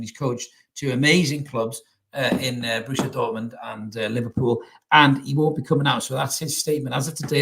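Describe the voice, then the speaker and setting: A man's voice: mid-range voice, vocal fry, a bit bright. A young man hosting a casual football chat show alone, blunt and sweary, full of laddish banter. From North East England. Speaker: podcast host.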